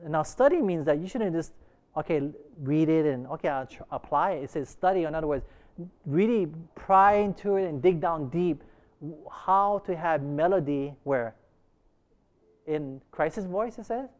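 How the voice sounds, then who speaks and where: A man's voice: a little high, lively intonation, normal speed. A man leading an interactive Bible class who keeps quizzing his listeners and restarts his sentences often. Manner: asks the class questions, frequent restarts. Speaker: Bible study teacher.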